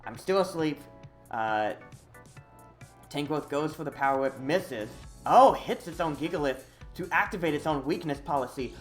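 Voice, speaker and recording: A streamer giving live commentary on a video game, excitable and full of hesitant fillers. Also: medium pitch, moderate pace, soft background music. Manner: excitable, swings from quiet muttering to loud whooping.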